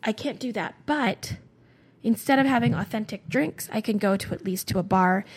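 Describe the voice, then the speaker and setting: A chatty woman co-hosting a podcast, talking casually with a friend. Her voice is husky, and she laughs easily and slips into playful little voices mid-story. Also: medium pitch, moderate pace. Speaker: podcast co-host. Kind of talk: casual chat.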